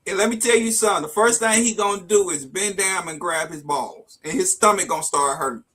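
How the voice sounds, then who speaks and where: A man's voice: high-pitched, fairly quick, pushed and bright, breathy edge, low-quality recording. A man hosting a casual live-streamed talk, giving earnest advice and repeating himself as he goes, over a video call. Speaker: show host.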